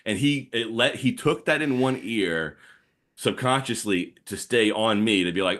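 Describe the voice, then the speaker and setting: A man's voice: mid-range voice, normal speed. A man from the New area, telling stories in a casual podcast chat. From New Orleans area, Louisiana. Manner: animated storytelling with laughs. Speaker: guest comic artist.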